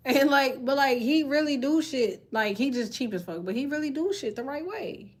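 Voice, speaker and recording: Woman, tarot reader, casual stream chat, profane, laughs often, slightly high-pitched. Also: lively intonation, normal speed. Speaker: tarot reader reacting to viewer comments.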